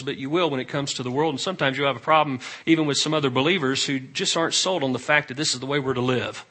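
A male pastor preaching a sermon, swinging from loud emphatic rises to quiet, low asides. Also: quick pace, few pauses.

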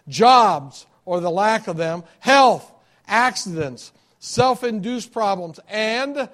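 Man, pastor, sermon, high voice, emphatic, repeats key words, wears a microphone. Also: a bit bright. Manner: earnest, with a lowered voice in prayer. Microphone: wearing a microphone.

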